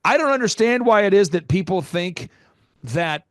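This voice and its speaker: A man hosting a business podcast, talking emphatically, repeating his points and leaping up in pitch in disbelief. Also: animated, moderate pace, no room sound, clean studio sound. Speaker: podcast host, business coach. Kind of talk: animated interview talk.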